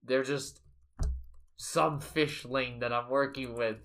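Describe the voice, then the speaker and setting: A man voicing a gruff male shark thief who leads a heist and talks bluntly, in a playful improvised story. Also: mid-range voice, fairly even intonation, slow, a bit bright. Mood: businesslike.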